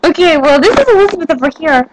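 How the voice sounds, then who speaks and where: A woman's voice: very high voice, very animated, quick pace, background noise. A teenage girl chatting to the camera, giggly and rambling with lots of fillers. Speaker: vlogger. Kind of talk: casual chat to camera.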